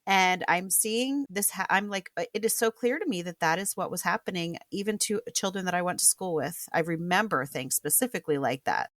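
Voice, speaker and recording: A woman's voice: lowish voice, animated, a little fast, hardly any pauses, fairly bright tone, no room sound, studio quality. A middle-aged woman, a homeschooling mother, explaining her views earnestly in a casual interview, often restarting her sentences. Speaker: homeschooling mother, podcast guest.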